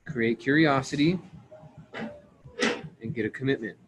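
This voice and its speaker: A man's voice: mid-range voice, a little slow, noisy background. A man leading a team training call, coaching his listeners and checking in with them as he repeats his points. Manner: acts out sample conversations.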